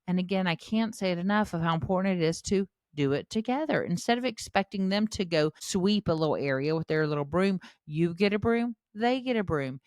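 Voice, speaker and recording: A middle-aged woman with a drawl talks to parents in a casual, encouraging podcast style. Her voice sits on the low side, and the recording is close and dry. She slips into lively acted-out voices when she quotes kids or parents. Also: no echo. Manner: animated, acts out quoted voices, warm encouraging. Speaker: podcast host, parenting educator.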